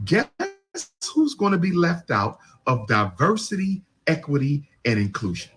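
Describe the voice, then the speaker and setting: A man's voice: fairly high pitch, sing-song, measured pace, a bit bright. A man giving impassioned political commentary as a panelist, repeating his points emphatically and throwing out rhetorical questions.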